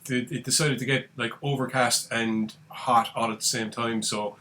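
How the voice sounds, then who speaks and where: A man's voice: mid-range voice, fairly even intonation, normal speed, fairly bright tone. A man co-hosting a podcast, chatting casually and adding wry asides. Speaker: podcast co-host. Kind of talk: casual chat.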